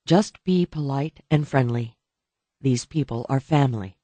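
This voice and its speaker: Man voicing steady woman guide, matter-of-fact, audiobook, dry close sound. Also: medium pitch, unhurried, dry recording, natural voice. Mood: firm. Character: calm, firm woman guide.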